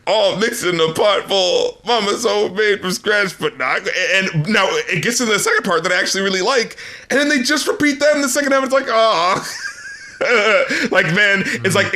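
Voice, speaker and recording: A man's voice: high voice, bright, forceful tone. A man co-hosting a podcast, chatting casually about an album, rambling and laughing as he mocks lyrics. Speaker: podcast co-host. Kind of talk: casual album review chat.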